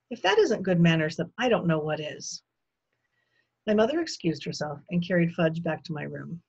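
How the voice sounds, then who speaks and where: A woman teacher reading a children's novel aloud in an expressive storytelling manner. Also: sits low, a little fast, gravelly, breathy edge, highs cut off.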